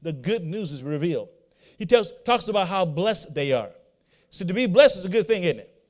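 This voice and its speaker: High-voiced male preacher. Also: sing-song, moderate pace, a little mellow. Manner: repetitive, asks the audience rhetorical questions. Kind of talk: sermon.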